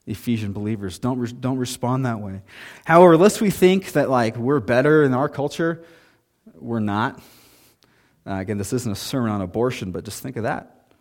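A man's voice: mid-range voice, moderate pace. Man preaching in a conversational manner. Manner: conversational preaching with self-deprecating asides. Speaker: pastor. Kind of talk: sermon.

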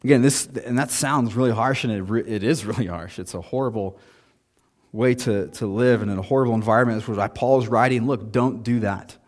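A man in his thirties delivers a sermon from the pulpit. His pitch sits in the middle of the usual range, and his tone stays conversational. He drops in self-deprecating asides as he goes. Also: fairly quick. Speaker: pastor.

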